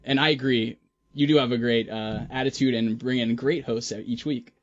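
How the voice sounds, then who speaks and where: Easygoing podcast guest, dull audio. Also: male voice, mid-range voice, steady tone, normal speed. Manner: easygoing, self-conscious, laughs it off. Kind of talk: casual podcast chat.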